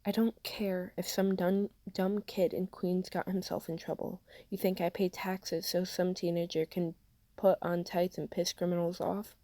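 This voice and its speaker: A woman's voice: on the low side, level tone, unhurried, warm tone, dry recording, natural voice. A woman voicing a rude, demanding businessman in a cheap suit, in a curt and impatient manner.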